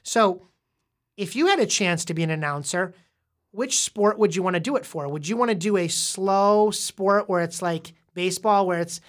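The host, a woman with a mid-range voice speaking at normal speed, runs a casual podcast with a young child as guest. She explains things patiently, quizzes the child, and keeps restarting her words.

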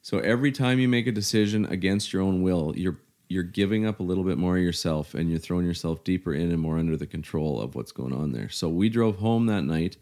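A middle-aged man from Canada, telling his story in casual, halting conversation, full of "you know" fillers. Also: low voice, darkish tone.

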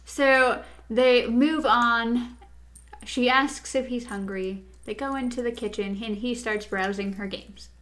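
Woman chatting about a show, slightly high voice, acts out the lines. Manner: animated, acts out quoted lines in quick voices. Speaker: podcast co-host. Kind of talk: casual chat recapping a show.

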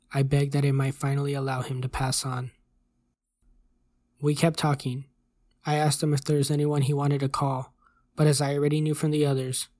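A host reading a horror story aloud in a measured, even voice at a close mic. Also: medium pitch, no room sound. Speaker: host and narrator. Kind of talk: scripted horror story narration.

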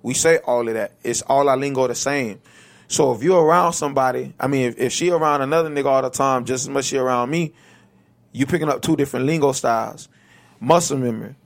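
A man's voice: medium pitch, quick pace, vocal fry. A man with a Florida accent in casual chat, rambling and slangy, saying "bro" a lot.

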